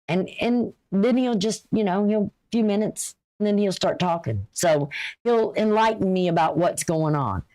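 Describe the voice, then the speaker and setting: A woman's voice: medium pitch, animated, moderate pace, warm tone. A woman giving a casual, folksy astrology reading, chatty and advice-giving, with a runny nose. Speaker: astrology and tarot reader.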